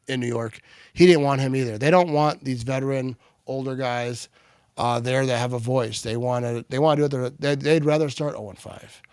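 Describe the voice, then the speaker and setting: A man hosting a live game watch party, switching between excited play-by-play calls and relaxed chat. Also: medium pitch, clean tone, no echo, studio quality. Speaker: livestream watch party host.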